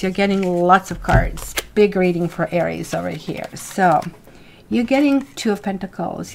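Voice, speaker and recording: A woman's voice: medium pitch, slight background noise. Chatty woman tarot reader. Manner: chatty and rambling, thanks viewers by name. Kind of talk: live weekly tarot reading.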